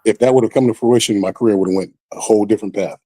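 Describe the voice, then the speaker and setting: A man telling a story on a podcast in a casual, animated way, with lively acted-out quotes. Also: lowish voice, rapid-fire, no echo. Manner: animated, acts out quoted voices. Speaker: podcast guest.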